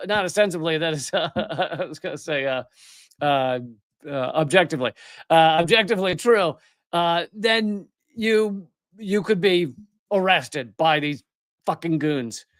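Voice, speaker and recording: A man's voice: high-pitched, fairly bright tone, no echo, studio quality. A man hosting a live political commentary show, ranting with biting sarcasm. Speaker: host.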